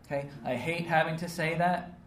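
A man preaches an earnest, emphatic sermon, frequently tossing in rhetorical "right?" and "okay?" tags to check in with listeners. His voice is a little high and fairly bright, with fairly even intonation and a moderate pace. A roomy, distant mic picks up faint ambience and slight background noise.

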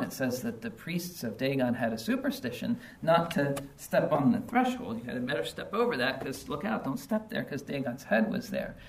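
A man's voice: mid-range voice, echoey room, recorded from a distance, a little hiss or hum. A man preaching a sermon, emphatic and sarcastic, acting out mocking taunts.

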